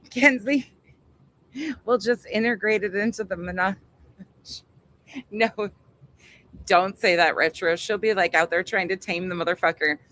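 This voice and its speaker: Casual woman co-host, excitable and profane, outdoor livestream chat. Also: mid-range voice, unhurried, pauses often. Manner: laughing, swearing, excitable storytelling. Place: outdoors at home.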